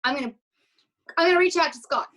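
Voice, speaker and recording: A woman coach speaks candidly in an interview, her voice sitting somewhat high. She is emotional and open, slipping into the voice of her own inner thoughts as she tells her story. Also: fast talker, fairly bright tone, poor audio. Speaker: confidence coach, interview guest.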